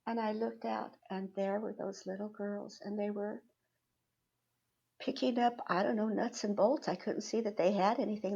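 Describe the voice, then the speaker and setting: A woman's voice: mid-range voice, vocal fry, warm tone, muffled recording. A middle-aged woman, a spiritual reader, telling a personal story in a chatty way, laughing often and acting out quotes. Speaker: spiritual reader, podcast guest.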